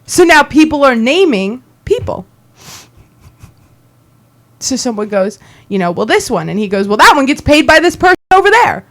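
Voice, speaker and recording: High-voiced woman co-host telling a story. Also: normal speed. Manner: lively storyteller, quoting others, laughing often. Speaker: radio talk show co-host. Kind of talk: storytelling on political talk radio.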